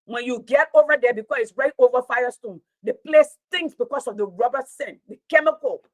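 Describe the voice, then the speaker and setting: Forceful woman lecturing her audience. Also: fairly high pitch, fairly quick, no room sound, poor audio. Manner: forceful, preachy, repeats points for emphasis. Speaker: teacher and online commentator. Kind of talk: impassioned casual monologue.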